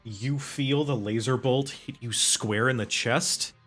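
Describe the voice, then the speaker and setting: A man's voice: mid-range voice, fairly even intonation, slow pace, fairly bright tone, faint music behind. A man running a tabletop game as game master, narrating casually, with hesitant fillers and frequent laughs.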